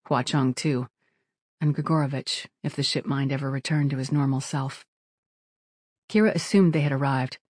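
An audiobook narrator reading a science fiction story in a steady, even way. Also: medium pitch, no echo, studio quality. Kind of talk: scripted narration.

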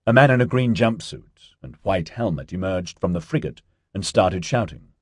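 A man narrating an audiobook in an expressive storytelling manner. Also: sits low, normal speed, husky, no room sound, studio quality.

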